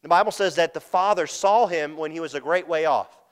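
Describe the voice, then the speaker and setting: High-voiced preacher telling a parable. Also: male voice, brisk, clear, resonant tone. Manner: storytelling, acting out quoted voices, repeats and restarts. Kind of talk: sermon.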